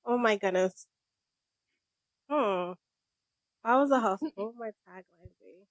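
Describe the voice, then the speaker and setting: A woman, a chatty podcast guest who fills pauses with drawn-out hmms. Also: on the high side, no echo. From Rhode Island, USA. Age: 30s. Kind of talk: casual podcast chat.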